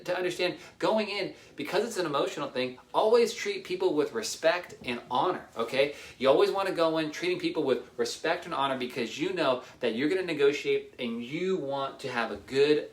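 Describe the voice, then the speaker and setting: Man, casual tips talk, energetic, repeats himself, roomy echo. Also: medium pitch. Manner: energetic, repeats himself, acts out little dialogues. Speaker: real estate investor giving tips.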